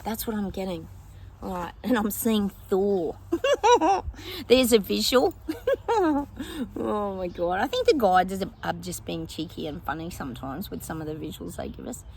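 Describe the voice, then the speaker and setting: A woman's voice: fairly low pitch, normal speed, creaky, a little mellow, slight background noise. Rambling chatty woman psychic. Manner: rambling, chatty, thinks aloud with many fillers; laughs often. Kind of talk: casual predictions monologue to viewers.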